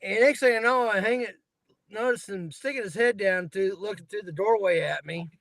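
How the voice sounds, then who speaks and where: Man, high voice, dry close mic, rambling storyteller. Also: normal speed, a bit bright, dry recording, rough recording. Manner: rambling, laughs at his own stories. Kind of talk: casual chat.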